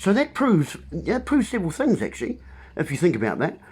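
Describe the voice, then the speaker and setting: A man's voice: high-pitched, wildly swooping pitch, fairly quick, darkish tone, husky. A man talking to his viewers in an impassioned monologue, emphatic and frustrated, playing with words. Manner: impassioned, emphatic wordplay ranting. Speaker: vlogger.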